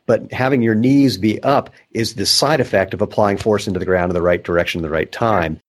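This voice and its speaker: Low-voiced man hosting a movement podcast. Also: fairly quick, few pauses. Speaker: podcast host. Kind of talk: casual conversation.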